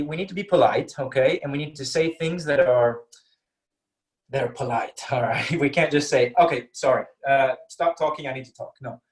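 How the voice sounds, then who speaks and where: A man's voice: fairly high pitch, low-quality recording. A man teaching an English class over a video call, explaining patiently and checking in with "okay?" after nearly every point.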